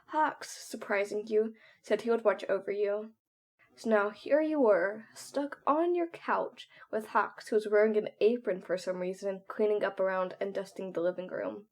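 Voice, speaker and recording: A woman's voice: mid-range voice, normal speed, a little mellow. A woman narrating a second-person fan story to the listener.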